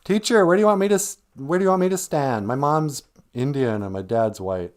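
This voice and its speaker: A timid schoolchild with a raised, uncertain voice, as a man puts it on during his livestream. The child stammers and hesitates and asks questions meekly. Each question climbs higher in pitch. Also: fairly quick, close to an everyday voice. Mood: unsure. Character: timid mixed-heritage schoolchild asking a teacher.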